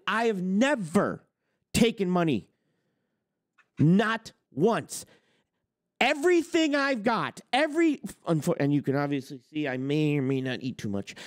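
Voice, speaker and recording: Brief: forties male host, fired-up profane rant, pitch swinging wildly up and down, boastful and blunt, tight dry sound. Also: no room sound. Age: 40s. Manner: blunt, boastful, swears constantly.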